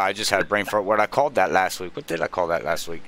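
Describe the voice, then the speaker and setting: A man hosting an online racing broadcast. He keeps things loose and chatty and laughs at his own slips. His voice is smooth and clear. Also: fairly low pitch, steady tone, a little fast, hardly any pauses, pushed and bright. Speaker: broadcast host.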